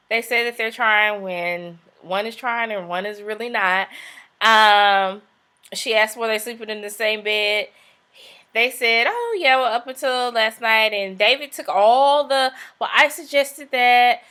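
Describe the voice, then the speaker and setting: A woman's voice: fairly high pitch, sharp tone. A young woman casually recapping a reality show, chatty, with sassy asides and acted-out quotes.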